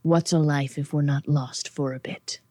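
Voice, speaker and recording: A woman voicing a sly, slow-spoken demon lord in a tabletop game, drawn out and half whispered. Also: low voice, fairly even intonation, warm tone, no echo.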